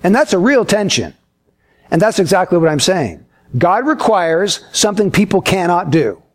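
Male pastor, sermon delivery, lively pitch swings, acts out voices in his stories. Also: moderate pace. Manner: expressive storyteller, acts out quoted voices.

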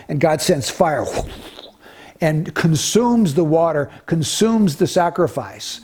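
Fairly high-voiced male preacher. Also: normal speed, darkish tone. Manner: storytelling, earnest, with small restarts. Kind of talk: expository sermon.

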